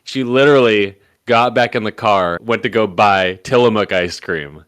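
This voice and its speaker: A man's voice: on the low side, moderate pace, smooth. A man co-hosting a podcast, telling casual stories with lots of quoted back-and-forth. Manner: animated anecdote telling with quoted dialogue. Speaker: podcast co-host. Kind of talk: casual chat.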